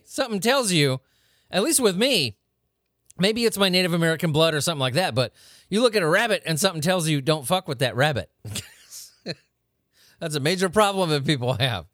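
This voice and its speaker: A man's voice: a little high, very animated, a little fast, long pauses, a bit bright, no echo, studio quality. A man hosting a weird-news podcast, ranting casually with lots of profanity and incredulous outbursts. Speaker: podcast host. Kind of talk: casual comedic rant.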